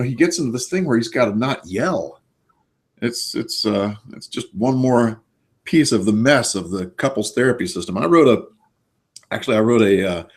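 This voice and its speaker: A man in his sixties, a therapist guest in a casual interview, explaining his points emphatically with anecdotes. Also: fairly low pitch.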